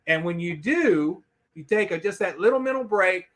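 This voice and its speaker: A man's voice: high-pitched, animated, normal speed, background noise. A man speaking as a guest in an interview, emphatic and acting out quoted voices as he explains his points. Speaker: podcast guest. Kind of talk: conversational interview.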